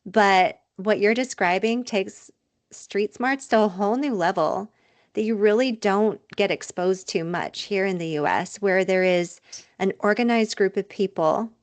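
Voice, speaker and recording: A woman co-hosting a podcast interview, speaking in a measured way and listing points one by one. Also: mid-range voice. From United States. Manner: measured, lists advice point by point. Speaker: podcast co-host.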